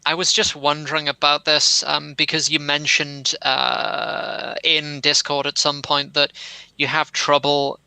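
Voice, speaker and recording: Posh-sounding British man, bright and creaky. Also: fairly high pitch, completely flat delivery, unhurried, no room sound, low-quality recording. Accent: British, somewhat posh. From England. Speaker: podcast co-host. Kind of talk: casual chat.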